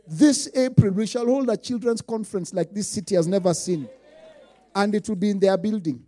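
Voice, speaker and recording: Preaching at a moderate pace with a faint crowd behind him, this Kenyan pastor has a high, mellow voice. His sermon moves between hushed asides and booming proclamations, with lines repeated for force.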